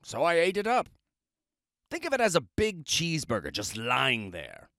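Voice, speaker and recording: A man reads a children's storybook aloud, his pitch swinging animatedly as he chats his way through it. He sounds expressive and a little self-justifying. The sound is close and dry. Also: normal speed, no room sound. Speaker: storybook reader. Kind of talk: children's book read-aloud, first-person wolf narration.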